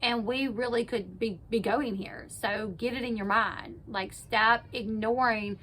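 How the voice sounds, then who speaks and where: Woman host, casual recap vlogger, a little high voice, bright and lively delivery, loves "like". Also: a little slow, slight background noise. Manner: chatty, peppers speech with "like", acts out quotes. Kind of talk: casual retelling of a reality TV episode.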